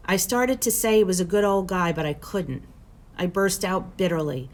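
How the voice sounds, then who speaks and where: A teacher reading a novel aloud to her students in steady, plain storytelling. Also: medium pitch, normal speed.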